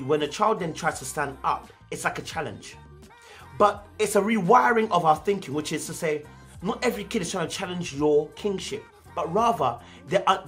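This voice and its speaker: Animated London man riffing on parenting. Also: on the high side. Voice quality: animated, slangy, acts out parents' voices. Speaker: reviewer of a discussion show. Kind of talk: casual commentary monologue.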